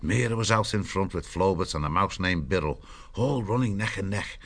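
A man narrating an audiobook with a steady storytelling delivery. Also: low voice, normal speed.

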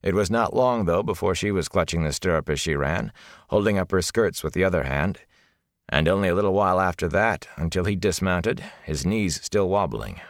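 Deep low guy reading a fantasy audiobook, steady and measured, super dry studio sound. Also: dry recording. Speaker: audiobook narrator. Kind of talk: scripted fantasy narration.

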